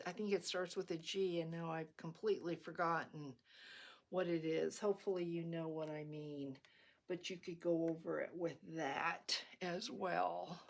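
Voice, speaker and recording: A middle-aged woman hosting a casual craft tutorial, chatty and rambling, with frequent ums and restarts as she works. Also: fairly low pitch. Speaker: crafting video host.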